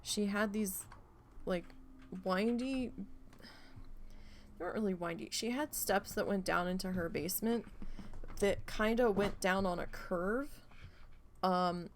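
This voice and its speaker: A woman streamer chatting casually while gaming, rambling and swearing freely as she tells an animated story. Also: mid-range voice, measured pace, pauses often, slight background noise.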